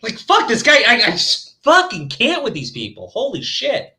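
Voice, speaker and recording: A man rants in a fired-up commentary, swearing at almost every turn. His voice sits high and leaps all over the place. It rings very bright and sharp. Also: huge pitch swings, normal speed. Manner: angry, swearing, ranting. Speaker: commentary channel host. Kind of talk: profane reaction commentary.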